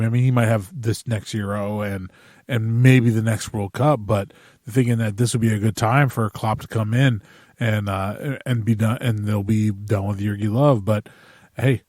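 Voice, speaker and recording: A man's voice: lowish voice, a little mellow, dry recording, studio quality. A man hosting a podcast, chatting casually and chuckling often. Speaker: podcast host.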